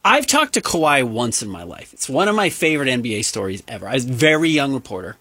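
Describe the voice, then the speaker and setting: Husky, bright-voiced radio co-host, deadpan. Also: male voice, mid-range voice, dry recording. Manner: quick deadpan quips. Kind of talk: casual on-air banter. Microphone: studio microphone.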